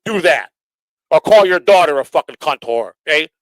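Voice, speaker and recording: A man's voice: a little high, expressive, normal speed, no room sound, low-quality recording. A middle-aged man, hosting his own livestream and ranting at critics with heavy profanity. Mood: angry. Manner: profane, combative, shouting at critics. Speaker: livestream host. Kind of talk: angry livestream rant.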